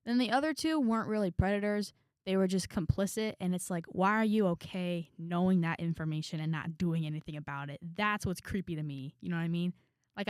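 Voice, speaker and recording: A young woman talks straight to her audience in a casual, frank and chatty way, drifting into asides and sighs. Her voice sits a little low for a woman. The sound is dry, with no room echo. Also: clear, resonant tone. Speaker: vlogger. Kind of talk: casual storytelling to camera.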